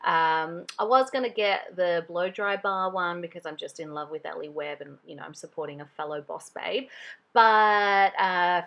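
A young woman with an Australian accent talks straight to her listeners in a casual podcast monologue. She is chatty and tells stories, calling her audience guys. Her voice sits a little low for a woman. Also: vocal fry, a bit bright. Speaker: podcast host.

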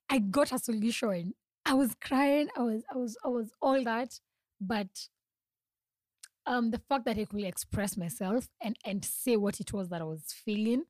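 A woman's voice: medium pitch, darkish tone, no echo. A young woman hosts a solo podcast, talking earnestly and confidingly, often laughing and restarting her sentences. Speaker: podcast host. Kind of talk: reflective solo podcast talk.

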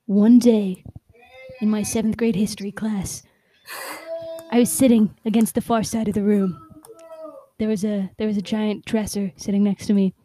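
A woman putting on a mock-spooky horror storyteller voice, telling a school tale slowly and deliberately, trying to sound eerie. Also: medium pitch, little pitch movement, dark tone, slight background noise, close to an everyday voice.

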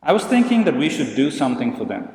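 A man's voice: a little high, huge pitch swings, quick pace, a little mellow, reverberant, long reverb tail, low-quality recording. A man voicing a chatty chicken who keeps proposing ideas, told as a story in a sermon. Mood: friendly. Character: friendly scheming chicken with ideas.

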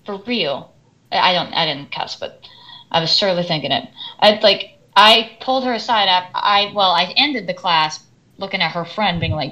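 A woman who teaches orchestra, co-hosting a podcast and ranting in a lively, animated storytelling way. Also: medium pitch, moderate pace, rough recording. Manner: animated storytelling, swings loud and soft. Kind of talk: casual podcast rant.

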